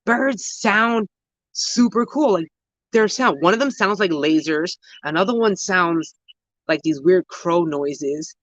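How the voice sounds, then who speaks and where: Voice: medium pitch, slow, fairly bright tone, dry recording, low-quality recording. A gardening vlogger, chatting casually while walking around an outdoor garden with a handheld phone camera, rambling and correcting themselves, full of slang. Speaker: gardening vlogger answering viewer questions. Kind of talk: casual chat.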